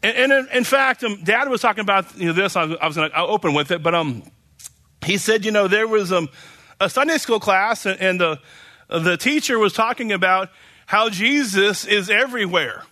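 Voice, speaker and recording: A man's voice: high-pitched, animated, moderate pace, bright, forceful tone. A man from Oklahoma preaching a casual sermon, rambling and chatty with many fillers and restarts.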